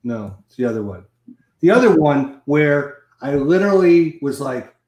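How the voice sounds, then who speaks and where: A man's voice: on the high side, moderate pace. Rambling man host in an echoey room. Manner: rambling, animated storytelling. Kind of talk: casual chat.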